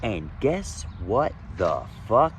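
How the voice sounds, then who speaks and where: A man with a low voice speaks in a frank, expletive-laden monologue. His delivery is animated, jumping between emphatic outbursts and quiet mutters. He is recorded outdoors with a faint hum of traffic behind him. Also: slow. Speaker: vlogger sharing his recovery story. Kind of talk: candid monologue. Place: outdoors, sunny day.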